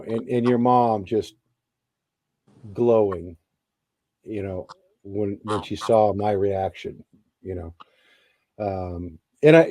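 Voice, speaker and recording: A middle-aged man and Army veteran telling a story in a casual interview, animated and swearing freely. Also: fairly low pitch, a little hiss or hum.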